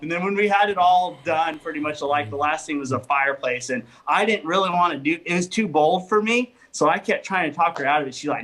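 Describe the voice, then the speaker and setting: Lively man telling funny stories. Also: a little high, a little fast, hardly any pauses, low-quality recording. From California, US. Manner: animated storyteller, laughs often. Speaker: flooring business owner, podcast guest. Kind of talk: casual storytelling chat.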